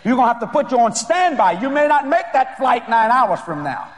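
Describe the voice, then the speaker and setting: A man voicing an impatient woman airline gate agent who speaks briskly and insistently. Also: very high-pitched, sing-song, long reverb tail, voice pushed up.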